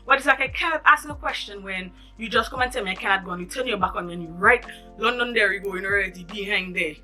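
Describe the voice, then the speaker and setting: A woman with a Caribbean English accent, telling a storytime vlog in an animated, emphatic way. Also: mid-range voice, fast, faint music behind. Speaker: vlogger.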